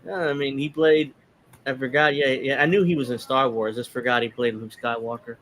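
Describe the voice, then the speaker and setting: Casting: male talk show host, mid-pitched, sarcastic, casual political riffing. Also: steady tone, a little fast, a bit bright, slight background noise. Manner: sarcastic, reads tweets aloud in mocking voices. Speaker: podcast host.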